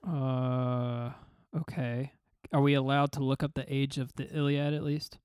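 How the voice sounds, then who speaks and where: A man in a casual chat, making wry, deadpan asides. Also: medium pitch, a little slow, clean tone.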